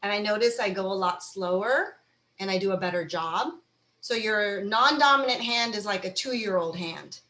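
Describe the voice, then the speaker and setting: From a home room with a blue wall, a woman leads a mindfulness talk over a video call, conversationally coaching listeners through small everyday exercises. Her mid-range voice sounds pushed and bright at a moderate pace, with roomy echo from the space.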